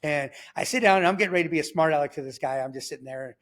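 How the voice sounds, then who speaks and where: Brief: man, fast and animated testimony storyteller, slightly high voice, casual and conversational. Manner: animated, acts out his own quoted remarks; conversational, checks in with the listener. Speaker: guest sharing a faith testimony.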